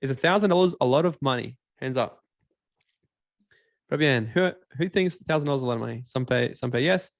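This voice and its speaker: A creaky, mid-range male voice moves at a quick pace through a motivational seminar talk, where he animatedly performs characters and questions the audience. It's a dry recording with clean studio sound.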